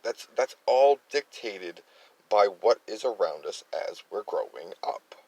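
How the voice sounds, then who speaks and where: A man's voice: on the low side, animated, measured pace, mellow, no echo, low-quality recording. A man from Massachusetts with a light Worcester accent, talking through opinionated political commentary in a rambling monologue full of fillers and restarts.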